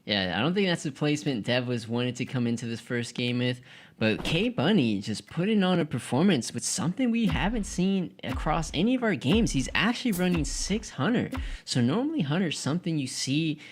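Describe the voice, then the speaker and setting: A man giving live esports analysis in a steady, explanatory way. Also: fairly high pitch, brisk, a little hiss or hum. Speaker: esports caster.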